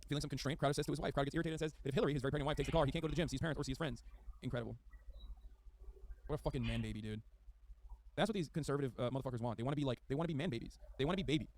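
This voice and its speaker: A man's voice: medium pitch, very fast, a little hiss or hum. A man streaming a reaction, reading an article aloud and breaking off with exasperated, profane commentary.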